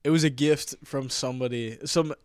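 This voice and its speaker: Male podcast co-host, mid-range voice, dry mic, quick to laugh. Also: mid-range voice, steady tone, smooth, dry recording. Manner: laughs often, eggs on the story. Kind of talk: casual comedy chat.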